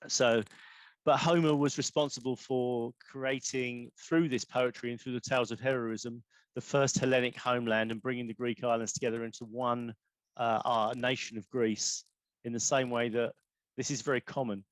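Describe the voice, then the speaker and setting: A man's voice: mid-range voice, fairly even intonation, normal speed, no echo. Chatty man explaining poetry forms. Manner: rambling, self-correcting, chatty explainer. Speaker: poet in residence giving an online talk. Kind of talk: informal talk on poetry forms.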